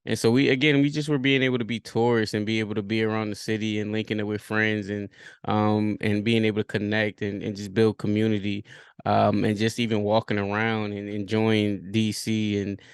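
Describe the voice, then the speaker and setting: A man's voice: fairly low pitch, flat delivery, brisk, clear, resonant tone, no echo, clean studio sound. A man, hosting a podcast and thinking aloud in a rambling way, with many fillers and restarts. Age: 30s. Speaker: podcast host. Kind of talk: reflective solo podcast talk.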